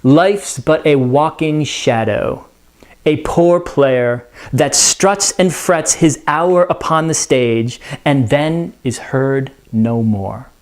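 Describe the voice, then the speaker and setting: A man reading aloud as a weary, despairing king, slowly and in a measured way. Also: mid-range voice. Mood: bleak.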